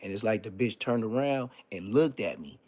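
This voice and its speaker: A man's voice: on the low side, expressive, moderate pace, darkish tone, breathy edge. A man telling a story on a casual live stream, profane and emphatic, repeating street oaths.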